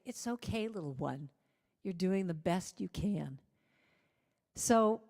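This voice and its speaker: A woman singer-songwriter, a guest speaker, telling a self-deprecating personal story to a congregation with lively humor. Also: mid-range voice. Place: church sanctuary. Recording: long reverb of a church hall.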